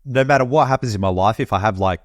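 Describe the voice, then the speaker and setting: This is an Australian man in casual podcast chat. His voice sits a bit low. He sounds laid-back and swears freely. The sound is dry and close. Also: fast talker, dry recording. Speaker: podcast co-host. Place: home, Perth.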